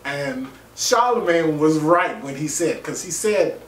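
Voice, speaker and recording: A man's voice: fairly high pitch, measured pace, a little hiss or hum. A man giving a casual, joking, profane recap of a TV episode and acting out what people said. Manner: animated, joking, profane, acts out quotes. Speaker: vlogger reviewing a TV episode. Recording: roomy, distant mic, faint ambience.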